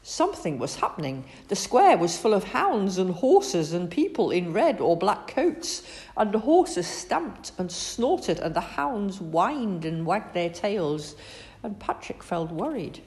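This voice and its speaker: A woman reading a children's story aloud in an expressive, animated way. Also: mid-range voice, slow pace.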